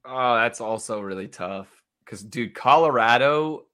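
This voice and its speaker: A man's voice: medium pitch, measured pace, sharp tone. A man in a casual sports betting chat, laid-back and swearing freely, calling the others bro and dude.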